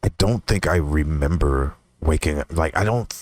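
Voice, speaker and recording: A young man hosting his own podcast, telling a personal story in a rambling, profane way, laughing often and jumping into a higher voice when he quotes himself. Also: moderate pace, a little mellow, no echo. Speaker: podcast host. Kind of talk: casual storytelling monologue.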